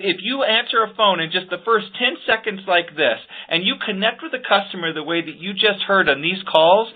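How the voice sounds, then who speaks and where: A man teaching staff how to handle phone calls, speaking earnestly and with emphasis, often repeating words as he starts a point. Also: sits high. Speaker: sales trainer. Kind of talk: podcast instruction on phone skills. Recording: phone-like lo-fi audio.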